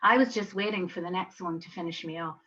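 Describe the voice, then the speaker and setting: A woman voicing a young wounded man recounting his ordeal in a calm, matter-of-fact way. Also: on the low side, fast, highs cut off.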